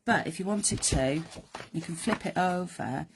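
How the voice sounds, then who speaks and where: A woman with a croaky voice hosting a live card-making demonstration, chatting in rambling asides to her viewers. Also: fairly low pitch, lively intonation, a little slow, background noise. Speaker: crafting host.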